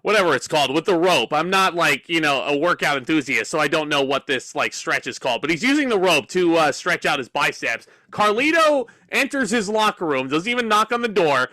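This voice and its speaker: A man co-hosting a wrestling review show with playful, swearing banter. His voice is high and swings widely. It is recorded dry and close. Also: animated, a little fast, hardly any pauses, bright, forceful tone, no echo. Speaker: podcast co-host. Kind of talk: casual wrestling review chat.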